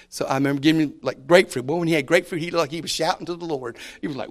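A man delivers a folksy sermon in a slightly high voice. He leans on repeated words and lets his volume rise and fall as he preaches. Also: rapid-fire. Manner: folksy, repeats key words, shifts loud to soft.

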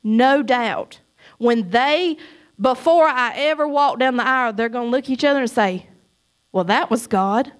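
Church lady giving her testimony, high voice, preachy, gets loud then quiet. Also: moderate pace, smooth. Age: middle-aged. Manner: emphatic, preachy, swings between loud cries and soft asides.

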